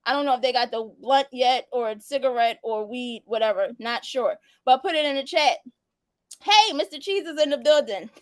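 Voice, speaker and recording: High-voiced laughing woman host. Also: dry recording. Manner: laughing, playful, teasing. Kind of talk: casual live-stream chat reading viewer answers.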